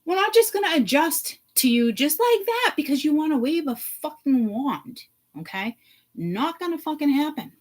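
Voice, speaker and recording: A woman vlogger ranting to her viewers, blunt and profane, swinging from hushed asides to loud outbursts. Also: high-pitched, sing-song, a little slow, rough recording. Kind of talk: ranting to camera.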